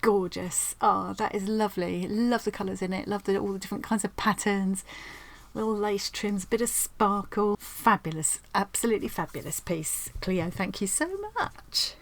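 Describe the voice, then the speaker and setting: A craft vlogger chats at home while opening her post, her medium-pitched voice steady and carrying some vocal fry at a normal speed. She's rambling and effusive, often restarting her sentences.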